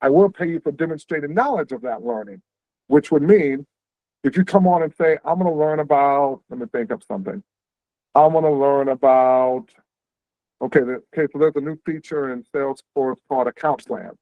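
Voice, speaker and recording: A man hosting an info session on a video call, explaining career paths quickly and conversationally, checking in with "right?". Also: a little high, no room sound. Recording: tinny, phone-like dry audio.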